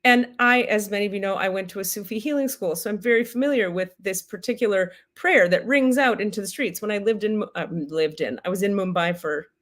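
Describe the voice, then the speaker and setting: A woman hosting a comedic spiritual livestream, telling a profane, animated story full of tangents. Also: mid-range voice, fairly quick, hardly any pauses.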